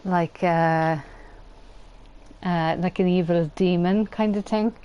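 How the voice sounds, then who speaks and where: A woman's voice: lowish voice, steady tone, slow pace, smooth, dull audio. A woman chatting casually while streaming a co-op game, rambling through anecdotes with many fillers. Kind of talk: casual chat.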